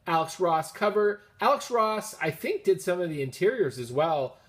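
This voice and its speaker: A Canadian man talks through his latest finds in a relaxed, upbeat way, drifting into little tangents as he goes. His voice sits slightly higher than most men's. He records at home in a casual vlog style. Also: moderate pace. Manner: chatty and upbeat, rambling asides. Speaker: comics vlogger showing his haul. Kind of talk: casual chat.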